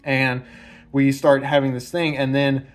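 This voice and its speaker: A man's voice: medium pitch, little pitch movement, a little slow, faint music behind. A man hosting a casual film analysis, talking enthusiastically and rambling, often repeating himself. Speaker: video essay host.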